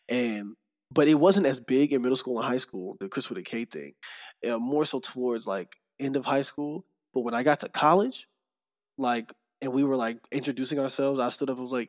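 A man telling stories as a podcast guest, animated, often breaking into laughter. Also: mid-range voice, normal speed. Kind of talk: casual chat.

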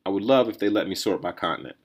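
A man hosting a solo podcast, riffing in a rambling, think-out-loud way with lots of restarts and "right?" tags. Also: deep voice, lively intonation, racing. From New Jersey or New York area, USA. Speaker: podcast host. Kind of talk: casual solo commentary.

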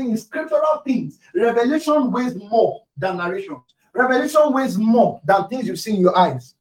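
Emphatic preacher, high voice, echoey hall. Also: male voice. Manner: emphatic, repeats key phrases, sometimes shouts. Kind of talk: sermon. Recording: echoey room, distant mic.

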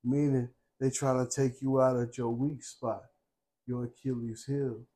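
A man's voice: medium pitch, unhurried. Young male podcast co-host, casual and profane, constantly checks in with the listener, middle-range voice. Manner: profane, streetwise storytelling with constant "you know what I'm saying"; gets loud and laughs when animated. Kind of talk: casual chat.

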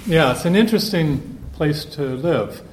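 A man, a priest, giving a relaxed conversational talk to a group at a retreat, telling stories and thinking aloud. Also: a little high, normal speed. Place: meeting room with a group. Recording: echoey room, faint background hum.

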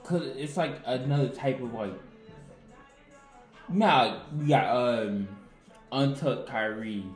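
A man's voice: medium pitch, slow, echoey room, soft background music, poor audio. A young man in casual chat, laid-back and slangy, with an offhand way of talking.

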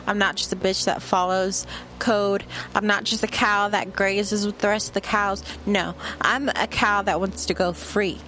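A woman's voice: mid-range voice, level tone, normal speed, bright, forceful tone, a little hiss or hum. A woman hosting her own podcast, ranting in a brash, profane, rambling way, straight to the listener. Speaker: podcast host. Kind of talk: casual solo podcast rant.

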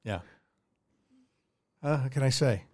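A man's voice: mid-range voice, takes it slowly. A man co-hosting a podcast in casual chat, making crude wisecracks. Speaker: podcast co-host.

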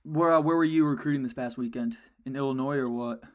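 A young man co-hosting a podcast in casual sports chat, telling stories with excited jumps in his voice. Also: quick pace. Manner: animated storyteller, jumps in pitch when excited. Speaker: podcast co-host.

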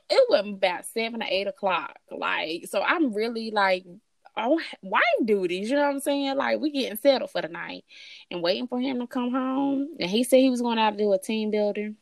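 A woman's voice: gravelly, no room sound. A woman, telling a personal story in casual chat and acting out the quoted voices. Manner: animated, acts out quoted voices with big pitch jumps.

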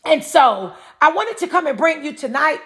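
On her own podcast, a middle-aged North Carolina woman keeps asking rhetorical questions and answering them in a preachy monologue. She speaks at a moderate pace in an expressive, high voice with a fairly bright tone.

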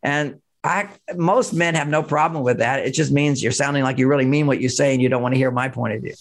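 A man's voice: mid-range voice, fast. A man giving relationship advice as a podcast guest, talking in an emphatic, explanatory way with frequent chuckles. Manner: married, talks of his own marriage. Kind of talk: conversational advice in an interview.

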